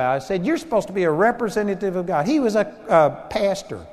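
Texan male pastor, high voice, storytelling sermon with loud-soft swings, long hall echo. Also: lively intonation, fast. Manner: storytelling preacher, swings between loud emphasis and soft asides.

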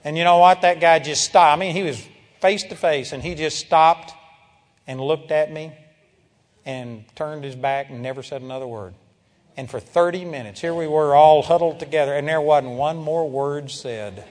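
Animated older preacher in an echoing hall. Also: male voice, a little high, moderate pace. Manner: storytelling, animated, breaks into loud praise shouts. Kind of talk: sermon. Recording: long hall reverb.

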